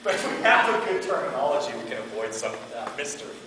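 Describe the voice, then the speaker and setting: A middle-aged man teaching a martial arts class, telling animated stories and acting out quotes. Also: medium pitch, quick pace. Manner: animated storyteller, acts out quotes, laughs often. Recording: echoey hall from far off, background noise.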